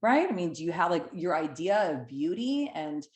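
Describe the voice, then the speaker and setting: A woman weight-loss coach speaking to camera in a lively, conversational way, often checking in with "right?". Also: fairly low pitch, normal speed, reverberant.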